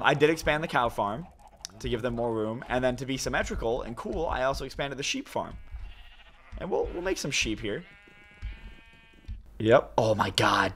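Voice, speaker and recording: A young man giving casual, excitable let's-play commentary to his viewers as he plays. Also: medium pitch, husky. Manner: chatty, excitable, talks to viewers as "you guys". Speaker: gaming YouTuber.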